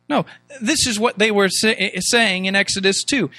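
A man's voice: sits high, normal speed, sharp tone, dry recording. A man preaching a sermon, reading scripture aloud and mimicking complaining voices, with emphatic rhetorical questions.

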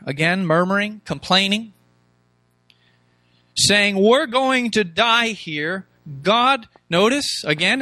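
A man's voice: high voice, sharp tone, dry recording. A man preaching a sermon, reading scripture aloud and mimicking complaining voices, with emphatic rhetorical questions.

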